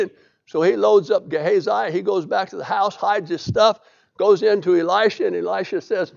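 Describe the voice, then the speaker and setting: Gravelly high-voiced preacher. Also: male voice, moderate pace, a little mellow. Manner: folksy storytelling, reads scripture aloud. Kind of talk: sermon. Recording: dull lo-fi recording.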